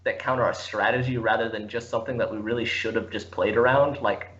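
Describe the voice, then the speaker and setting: A man's voice: fairly low pitch, fairly even intonation, fast, a bit bright. Laughing, stammering man on a muffled call. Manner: laughs often, stammering restarts. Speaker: esports player guest. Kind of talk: casual chat.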